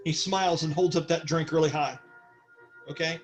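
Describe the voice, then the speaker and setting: A man's voice: fairly high pitch, steady tone, moderate pace. Man running a tabletop game. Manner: sarcastic character voices woven into narration. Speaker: game master. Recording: faint music behind.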